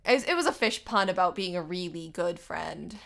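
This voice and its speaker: A woman's voice: lowish voice, normal speed, vocal fry. A woman in a casual podcast chat, recapping a cartoon episode and acting out the characters' lines in little voices. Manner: animated, acts out quotes in little voices. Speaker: podcast co-host.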